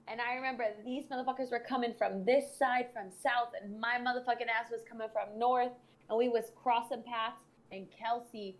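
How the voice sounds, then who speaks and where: A woman in her twenties hosting a podcast as a sex educator, talking bluntly and sassily with plenty of swearing. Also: on the high side. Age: 20s. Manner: blunt, heavily profane, sassy. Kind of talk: casual podcast chat.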